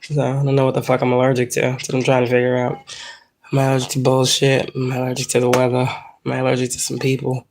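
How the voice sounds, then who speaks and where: A woman's voice: a bass voice, completely flat delivery, quick pace, a little mellow, a little hiss or hum. A woman in her thirties chatting casually on a livestream, rambling and profane, laughing often, congested from allergies. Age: 30s. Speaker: spiritual livestreamer. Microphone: phone.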